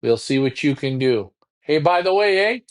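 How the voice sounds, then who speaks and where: A man's voice: fairly high pitch, lively intonation, normal speed. A man hosting a pigeon racing show in casual talk, taunting a rival with repetitive trash talk.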